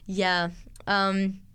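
A woman, speaking in an interview with an earnest, halting manner and many restarts. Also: medium pitch, bright, forceful tone, clear, resonant tone. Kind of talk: testimony interview.

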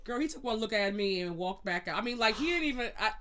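Lively woman host telling a story, bright voice, jumps up high doing other people's lines. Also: quick pace. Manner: animated, swearing, acts out quotes in a high voice. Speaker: podcast host. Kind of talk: casual storytelling chat.

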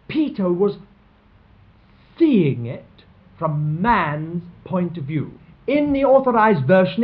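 A man preaching a sermon, earnest and emphatic, his voice rising on exclamations. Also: high-pitched. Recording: tinny lo-fi sermon recording.

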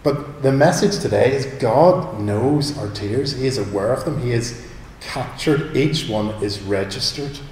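Man, sermon, chatty and animated, big reverberant hall, faint ambience. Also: mid-range voice, unhurried, a little hiss or hum. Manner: conversational, animated preaching with rhetorical questions. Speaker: preacher. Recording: echoey hall with long reverb.

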